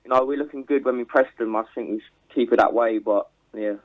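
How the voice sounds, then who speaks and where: A man's voice: medium pitch, quick pace, no room sound. A man calling in to a fan phone-in, talking hesitantly with many fillers. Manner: hesitant, lots of fillers, plain talk. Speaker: caller. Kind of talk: casual phone call. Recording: dull, dry phone-line sound.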